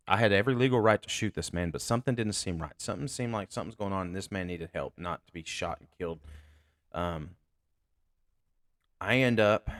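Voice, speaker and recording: Low-voiced, blunt, profane man. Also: no room sound, clean studio sound. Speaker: sheriff's deputy and podcast host. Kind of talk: casual storytelling.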